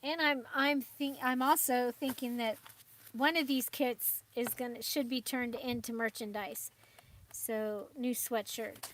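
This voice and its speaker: A woman's voice: on the high side, steady tone, unhurried, a bit bright, slight background noise. A woman hosting a crafting channel, chatting casually and rambling with frequent fillers and little laughs. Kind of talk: casual livestream chat.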